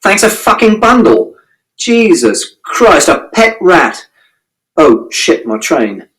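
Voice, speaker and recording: Man doing a swearing, exasperated male commuter for an audiobook; raised, animated pitch. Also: heavily acted, rough recording. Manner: exasperated, cursing, drawn-out outbursts. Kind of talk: audiobook reading.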